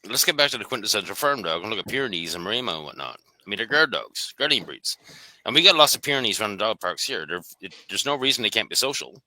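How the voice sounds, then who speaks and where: A man chatting casually about dog breeds in a quick, matter-of-fact way. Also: on the low side, big pitch swings, pushed and bright, dry recording, low-quality recording. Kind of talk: casual conversation.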